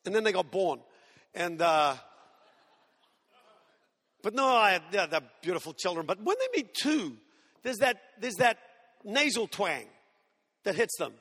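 An Australian pastor in his sixties preaches with jokes and playful whiny impressions. His voice sits high and sounds bright and forceful. It rings out with a long hall reverb. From Tasmania, Australia. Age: 60s. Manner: humorous storytelling preacher, mimics whiny kids. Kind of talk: sermon.

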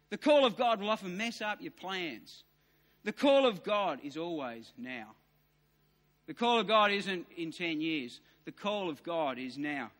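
Male preacher in his fifties, very high-pitched and bright, hammering points home, big hall reverb. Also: very animated, measured pace. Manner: emphatic and repetitive, rising to near shouts. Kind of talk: sermon. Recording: long reverb of a large hall.

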